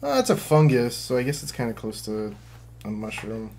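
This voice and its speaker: A man co-hosting a podcast, steering the casual chat with questions and quick bursts of speech. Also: mid-range voice, sing-song, darkish tone. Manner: steers the talk, quick bursts, easy laughter. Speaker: podcast co-host.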